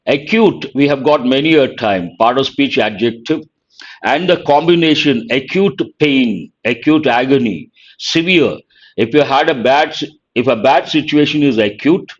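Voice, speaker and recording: A man with an Indian English accent teaching vocabulary, explaining word meanings in a deliberate way and repeating key words. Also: medium pitch, highs cut off. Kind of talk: vocabulary lesson.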